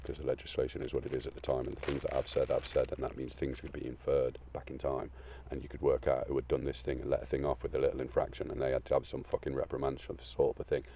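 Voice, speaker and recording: Gravelly deep man, tearful monologue. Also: completely flat delivery, fast talker, hardly any pauses, slight background noise. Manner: rambling, swearing, swings between loud and hushed. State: crying. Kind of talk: emotional unscripted monologue.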